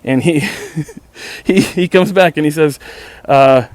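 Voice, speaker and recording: A man's voice: fairly high pitch, takes it slowly, a little mellow, dry recording. Sarcastic exasperated man telling a story. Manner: repetitive stammering restarts. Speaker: podcast host. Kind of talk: casual storytelling monologue.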